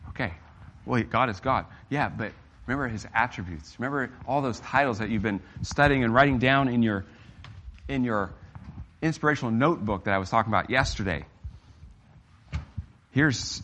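A man's voice: medium pitch, lively intonation, fairly quick, a bit bright, a little hiss or hum. A middle-aged man preaching a sermon in an emphatic, earnest way, his voice rising and dropping for emphasis.

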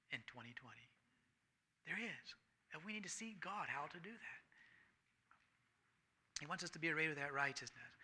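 A man preaching a sermon, swinging between loud emphatic lines and hushed near-whispers, and reading scripture aloud with rising fervor. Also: sits high. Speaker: pastor.

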